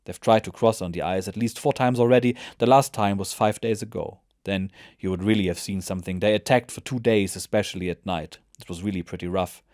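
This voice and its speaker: A worn-out soldier who brags about the fighting in a dry, offhand way, as a man puts him on. His voice is low and close, with no room sound around it. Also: fairly quick, hardly any pauses, a little mellow, no room sound, close to an everyday voice. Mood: grumbling. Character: tired male German frontline soldier, wry.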